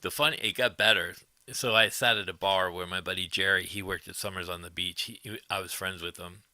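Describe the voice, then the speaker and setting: A man's voice: deep voice, fairly even intonation, a little fast, bright, forceful tone, no echo. A man hosting a livestream, telling casual rambling stories to his viewers, chuckling often and swearing freely. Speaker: livestream host.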